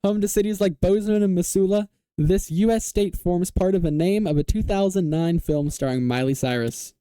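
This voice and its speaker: Quiz host guy reading clues, kinda high pitched, dry close sound, casual and upbeat. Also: warm tone, smooth, dry recording. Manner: upbeat, laughs often, quick "yes, sir" confirmations.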